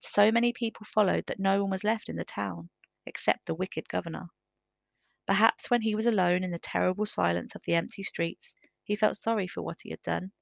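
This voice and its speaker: Woman narrator, storybook reading, gravelly low voice, dry close sound. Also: no room sound. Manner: measured, careful reading.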